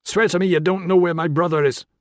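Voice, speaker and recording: A male narrator voicing an angry, suspicious young village man who barks accusations in a loud, raised voice, recorded in a dry close studio sound. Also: sits high, steady tone, quick pace, no echo, voice pushed up, natural voice. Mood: hostile. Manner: shouting, accusing. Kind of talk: audiobook character voice.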